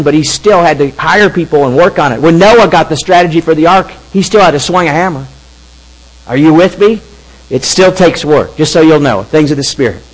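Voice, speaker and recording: A middle-aged man preaching a storytelling sermon in an animated, halting way with frequent restarts. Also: sits high, rough recording.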